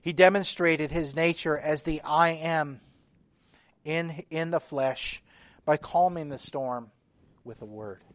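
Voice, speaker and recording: A man's voice: on the high side, dry recording. Emphatic male preacher, dry sound. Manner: measured, emphatic, rising and falling intensity. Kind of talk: sermon.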